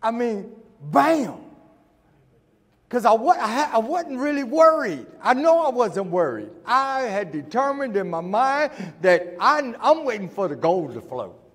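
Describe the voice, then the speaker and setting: A middle-aged man preaching a sermon, telling a story and acting out the dialogue before building to shouts. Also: extremely high pitch, sing-song, moderate pace, hardly any pauses, slightly rough. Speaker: pastor. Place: church sanctuary. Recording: church hall with long reverb.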